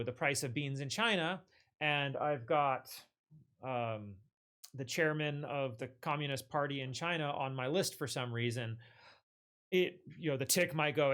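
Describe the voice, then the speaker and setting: A man's voice: mid-range voice, a bit bright. A man presenting a tech tutorial in a casual walkthrough style, with loose phrasing, many fillers and frequent self-corrections. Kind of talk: casual screen-share walkthrough.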